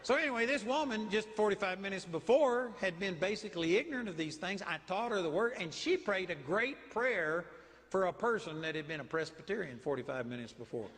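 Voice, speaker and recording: A man's voice: sits high, a little fast, big-room sound. A man with a Texan accent preaching a sermon, telling stories and declaring with force. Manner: animated storytelling preaching, commanding declarations.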